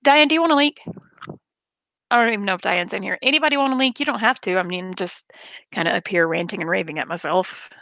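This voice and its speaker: A woman's voice: mid-range voice, quick pace, a bit bright, no room sound. A woman streamer swearing heavily in a blunt, confrontational rant to her chat. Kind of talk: angry rant on a live stream.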